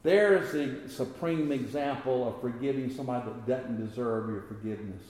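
Impassioned preacher in an echoey hall. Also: male voice, moderate pace, a little mellow. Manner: conversational preaching that climbs to high impassioned peaks. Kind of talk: sermon.

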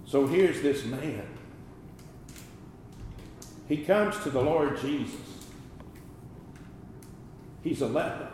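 A man preaches at a deliberate, unhurried pace, his voice swelling and dropping for emphasis. The sound is very roomy, with a long reverb tail as if he is in a large hall. A faint hum of background ambience sits underneath. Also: on the high side, animated. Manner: slow, deliberate preaching with swells and drops in loudness. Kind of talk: sermon.

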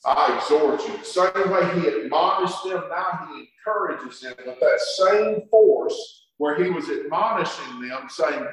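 Slow, emphatic preacher in an echoing hall. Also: male voice, on the high side. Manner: emphatic preaching with drawn-out words and dramatic pauses. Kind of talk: sermon. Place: church sanctuary. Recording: echoey hall from far off.

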